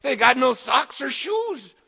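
A man's voice: very high voice, very animated, takes it slowly, vocal fry, sharp tone, slightly rough, long reverb tail. Theatrical man reading a rhyming tale. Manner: theatrical, sing-song. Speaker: storyteller.

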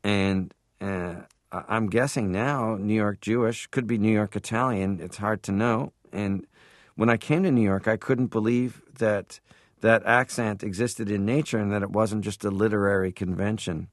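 A man from Canada, a comedian guest, talking casually and at length in an interview, animated, stopping to laugh. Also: lowish voice, moderate pace, no echo, studio quality. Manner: rambling, animated, stops to laugh.

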